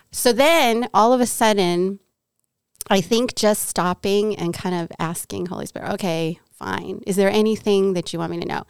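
A woman's voice: mid-range voice, measured pace, clear, resonant tone, dry recording, clean studio sound. A middle-aged woman from Southern California, a guest telling a personal faith story and acting out what people said. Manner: animated storyteller, acts out quoted dialogue. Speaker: podcast guest.

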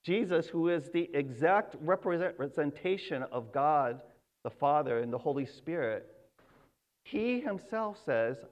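Emphatic preacher, high voice, slow delivery. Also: male voice, animated. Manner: earnest, emphatic, repeats key words. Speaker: pastor. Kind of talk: sermon. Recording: dull lo-fi sound.

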